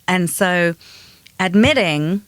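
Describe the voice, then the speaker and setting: A woman co-hosting a podcast, telling a personal story in quick, animated bursts. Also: on the low side, no room sound. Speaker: podcast co-host. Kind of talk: casual chat.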